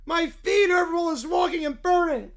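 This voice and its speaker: A man voicing a bratty young boy in a furious tantrum, whining, shouting and tearful as he reads a story in character. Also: extremely high pitch, fairly quick, pitched above the performer's own voice. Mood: whiny tantrum. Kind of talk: reading an AI-written story in character.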